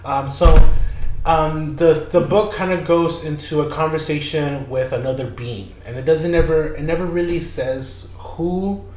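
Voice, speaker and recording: A man's voice: on the high side, measured pace, a little mellow. Male podcast host, casual profane storyteller, echoey room with faint hiss. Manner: loose, profane, repeats himself.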